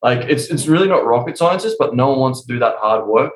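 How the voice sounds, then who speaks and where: Fast, profane man in an echoey room. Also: medium pitch. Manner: profane, animated storytelling. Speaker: guest coach. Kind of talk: casual podcast conversation. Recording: roomy echo.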